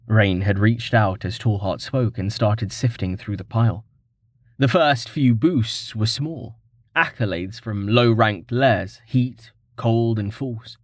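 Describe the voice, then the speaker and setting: A man narrating a fantasy novel in a measured, expressive reading. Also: lowish voice, no room sound, clean studio sound. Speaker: audiobook narrator.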